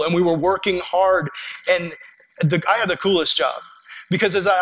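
High-pitched guy preaching, earnest and chatty, goes real quiet on the big points. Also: poor audio. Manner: earnest, conversational storytelling with quiet drops. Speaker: pastor. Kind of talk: sermon.

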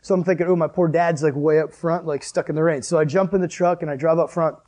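A young man preaching to a youth group, telling a story with lively acted-out exclamations and then reading scripture. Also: fairly high pitch, quick pace. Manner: animated storyteller, acts out dialogue with loud exclamations. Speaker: youth pastor.

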